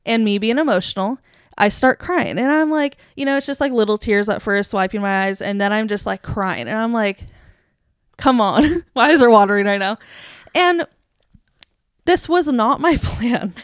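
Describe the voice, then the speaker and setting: A young woman co-hosting a podcast, telling a story in a casual, animated way, laughing and acting out quotes. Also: a little high, moderate pace, clear, resonant tone, no echo, studio quality. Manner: animated, giggly, acts out quotes. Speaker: podcast co-host.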